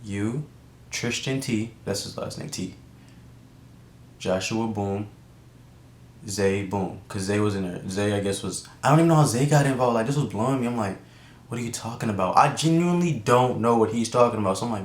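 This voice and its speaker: A man's voice: on the low side, normal speed. A young man from Atlanta telling a personal story to camera in a rambling, slangy way, full of restarts and asides. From Atlanta, USA. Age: young adult. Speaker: YouTuber. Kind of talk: casual storytime monologue. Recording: roomy echo, faint background noise.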